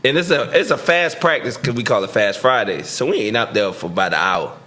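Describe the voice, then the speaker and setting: Man, easygoing storyteller, former football player, mid-pitched voice, casual talk. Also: lively intonation, a little fast, pushed and bright. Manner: laid-back storyteller who acts out quotes, laughing as he talks.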